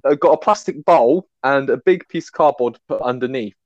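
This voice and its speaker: A man's voice: medium pitch, moderate pace, no room sound, muffled recording. A man co-hosting a podcast, telling his stories casually and with lots of laughter. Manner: animated, laughing storyteller. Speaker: podcast co-host. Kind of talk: casual chat, storytelling.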